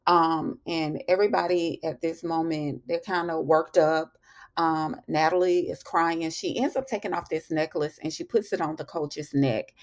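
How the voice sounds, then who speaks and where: Recapping a TV episode, this host speaks in a low voice with fairly even intonation and a moderate pace. Her delivery is a chatty story full of asides and fillers, sprinkled with lots of "you know" and "honey."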